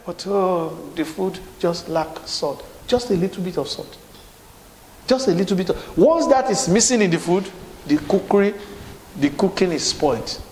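Male pastor, high voice, repetitive call-and-response preaching, roomy church reverb. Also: lively intonation, normal speed, darkish tone. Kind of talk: sermon. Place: church hall. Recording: echoey hall with faint room noise.

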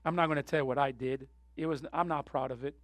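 A man preaching a sermon with passion, going from soft, tearful moments to loud, urgent appeals. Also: mid-range voice, fairly even intonation, fast talker, no echo. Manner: impassioned, swings from soft to loud; emotional, near tears. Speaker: pastor.

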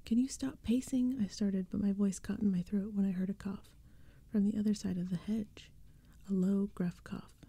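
Woman, whispered role-play, close mic, dark, mellow, gravelly whisper. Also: medium pitch, little pitch movement, normal speed, dry recording. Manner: soft, breathy whispered reading. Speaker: ASMR storyteller.

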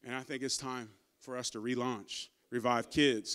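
A man's voice: medium pitch, fairly even intonation, normal speed, hardly any pauses, a bit bright, smooth. A man pastor preaching a sermon, emphatic and calling out to his congregation, and stumbling over his words when emotional. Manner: stammers and repeats when emotional.

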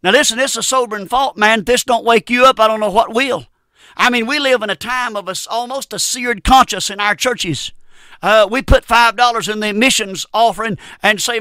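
A man's voice: extremely high pitch, fairly even intonation, brisk, pushed and bright, clean tone, dry recording, studio quality. A middle-aged man, preaching a sermon in an earnest, plain-spoken storytelling manner.

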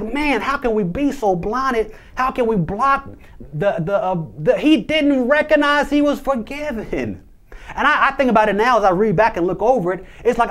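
A young man preaching a sermon as a minister, conversational, with frequent restarts and asides. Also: sits high.

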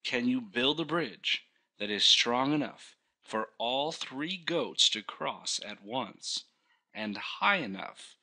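Bright, slow-reading man narrating a storybook. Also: mid-range voice, lively intonation, poor audio. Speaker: storybook reader. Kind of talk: children's read-aloud narration.

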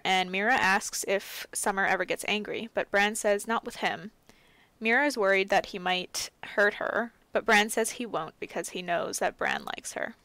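A woman's voice: medium pitch, fairly bright tone, no room sound. A young adult woman co-hosting a casual book podcast, laid-back and giggly, with plenty of fillers. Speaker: podcast co-host.

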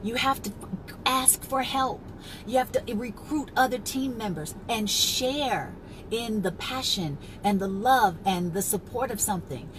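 A woman life coach hosting a casual live stream, chatting, laughing often and greeting viewers by name, then turning slow and emphatic to make a point. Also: fairly high pitch, noisy background. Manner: turns slow and emphatic when teaching.

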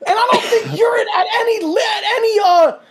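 A man's voice: extremely high pitch, fast, raised voice. A man as a guest in a casual chat over a call, laid-back and teasing, full of dude and bro.

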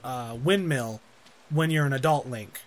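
A man co-hosting a let's play, excitable and rambling, reading game text aloud with drama. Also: mid-range voice, measured pace, a little hiss or hum. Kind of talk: casual gameplay commentary.

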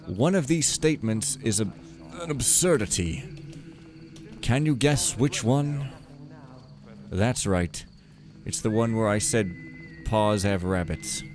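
A man with a mid-range, slightly mellow voice and lively intonation takes his time. He's a let's play host giving rambling, wry, joking commentary to himself as he plays, over game music.

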